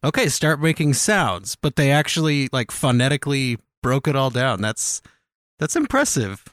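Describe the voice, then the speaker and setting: A man co-hosting an interview show, chatting casually and thinking out loud. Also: medium pitch, big pitch swings, normal speed, no echo. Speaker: co-host. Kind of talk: casual chat.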